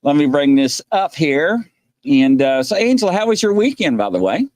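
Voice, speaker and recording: Rambling, lively-voiced male live-stream host. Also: fairly high pitch, moderate pace, dry recording, studio quality. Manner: rambling, laughs often, reads out viewer names. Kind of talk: casual live-stream chat.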